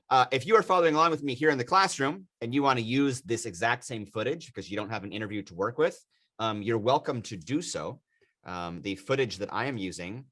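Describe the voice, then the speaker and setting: A man with a somewhat low voice teaches a video editing class from his classroom. He is emphatic and repeats key points for stress, talking casually to his students. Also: a bit bright.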